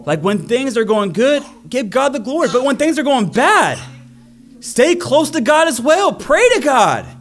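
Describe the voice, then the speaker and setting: A man's voice: very high voice, very animated, unhurried. A man preaching a sermon, telling a story with energy and acting out the crowd's voices.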